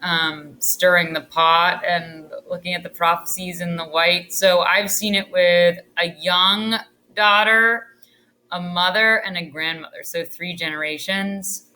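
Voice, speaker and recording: Lady teacher rambling thru a lesson at home, kinda low but bright and sharp, lots of ums. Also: steady tone, unhurried. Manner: chatty, with frequent ums and restarts. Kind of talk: casual online literature lesson.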